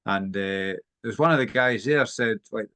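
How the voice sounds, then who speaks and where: A man's voice: lowish voice, moderate pace, pushed and bright, dry recording. Easygoing Scottish man, dry sound. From Scotland. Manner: easygoing, anecdotal. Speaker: regular guest. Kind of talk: casual chat.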